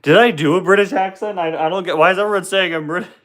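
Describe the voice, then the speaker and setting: A man's voice: high-pitched, fast talker, a bit bright. A young man hosting a casual live question-and-answer stream from home, joking and tripping over his words, talking into a phone on a tripod. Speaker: livestream host.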